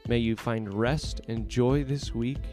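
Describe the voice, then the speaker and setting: A man's voice: mid-range voice, steady tone, measured pace, music in the background. A man hosting a storytelling podcast, narrating expressively and chatting casually at the end.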